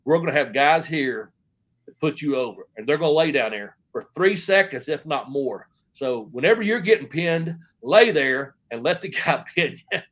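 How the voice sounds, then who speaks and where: A man's voice: fairly high pitch, expressive, normal speed, a bit bright, highs cut off. Profane middle-aged man telling stories. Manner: rambling, profane, frequent restarts and quoted dialogue. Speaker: interview guest. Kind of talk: casual storytelling.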